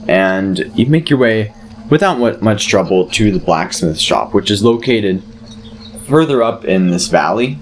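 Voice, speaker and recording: A man narrating a tabletop game as game master, relaxed, with fillers and restarts. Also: lowish voice, unhurried, a little hiss or hum.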